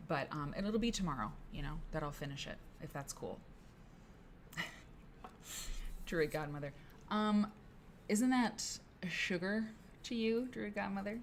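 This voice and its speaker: A woman's voice: mid-range voice, a little slow, long pauses, slight background noise. A woman hosting a casual co-working live stream from her office, rambling and chatting with viewers by name. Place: her office, late at work.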